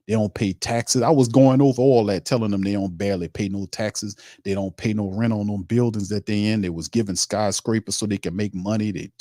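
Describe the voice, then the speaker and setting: Low-voiced sports show guy, heated rant, loose street talk, dry close sound. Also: darkish tone, no echo. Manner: heated, ranting, emphatic; streetwise, informal speech. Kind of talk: sports talk livestream, reading chat comments.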